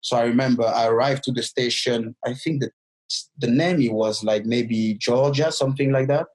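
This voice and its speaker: On a rough recording, a man from France with a middling male pitch talks at normal speed, animatedly telling his life story as a podcast guest. He's a non-native English speaker with a French accent, and his English is loose and imperfect in this storytelling interview.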